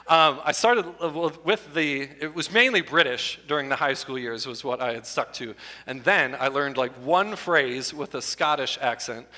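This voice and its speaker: A man in his fifties doing stand-up comedy in a church hall, animated and jokey, often breaking into silly voices. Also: on the high side. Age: 50s. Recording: echoey hall.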